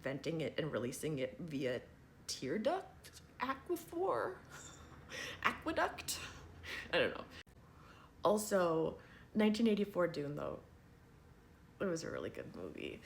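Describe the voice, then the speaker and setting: A man's voice: fairly high pitch, gravelly, slight background noise. A trans man chatting casually to his viewers, rambling and wry and laughing often. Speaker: vlogger. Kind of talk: casual chat to camera.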